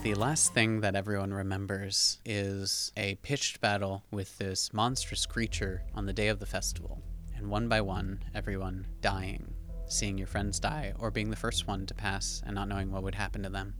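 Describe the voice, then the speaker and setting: Brief: male podcast host and game master, even, clear narration. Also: on the low side, normal speed, hardly any pauses, over music.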